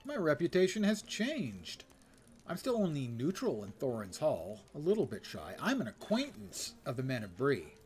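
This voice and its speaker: A man's voice: mid-range voice, huge pitch swings, moderate pace, a little mellow, faint music behind. An older man giving casual, wry commentary while streaming a game and reading quest text aloud.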